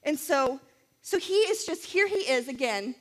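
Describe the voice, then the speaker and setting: A woman's voice: high voice, animated, a little slow, in a large hall. A woman telling a Bible story in a chatty sermon, with many fillers and asides. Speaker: Bible teacher.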